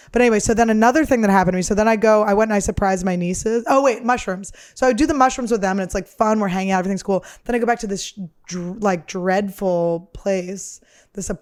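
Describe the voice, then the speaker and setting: A woman's voice: mid-range voice, darkish tone. A woman comedian hosting her podcast, telling candid, profane stories in a rambling, casual chat. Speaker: podcast host and stand-up comedian.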